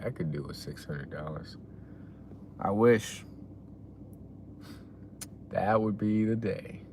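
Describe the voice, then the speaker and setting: A man with a low, gravelly voice chats casually on a live stream, answering viewers in a relaxed, meandering way. Faint noise hums behind him. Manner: laid-back, trails off, reacts loudly to donations. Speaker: live streamer reading chat.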